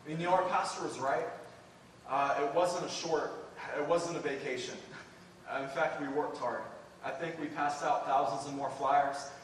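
Guy preaching in a church, earnest and worked up, slightly high voice, far from the mic with a big echo. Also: normal speed, a little hiss or hum. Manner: earnest, builds to excited emphasis, addresses "church". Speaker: preacher sharing a mission report. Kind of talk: sermon with personal story. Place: church sanctuary. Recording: echoey hall, distant mic.

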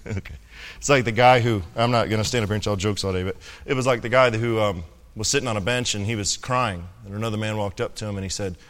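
A man's voice: fairly low pitch, fairly even intonation, fast, fairly bright tone, in a large hall. A young man preaching a sermon in a conversational, joking way, often asking "right?". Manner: conversational, jokey preaching with many "right?" asides. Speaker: pastor.

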